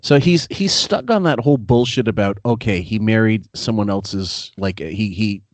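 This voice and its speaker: A man's voice: on the low side, expressive, normal speed, no room sound. A man from Canada hosting a podcast in casual chat, rambling and blunt, swearing freely. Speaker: podcast host.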